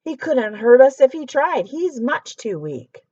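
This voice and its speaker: A woman voicing a king in a storybook who shouts loud, high warnings. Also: sing-song, a little slow, slightly rough, lo-fi sound, full character voice. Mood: commanding.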